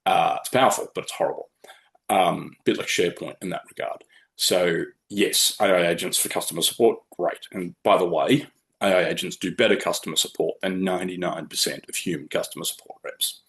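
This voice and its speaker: A man presenting a webinar from slides in a blunt, opinionated, conversational way. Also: deep voice.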